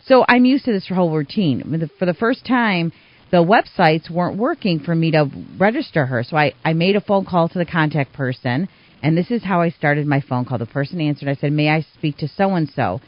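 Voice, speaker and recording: A woman hosting a community radio interview show, telling stories in an animated way. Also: low voice, brisk, no echo. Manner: animated storyteller, acts out quoted voices. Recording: dull, slightly muffled radio sound.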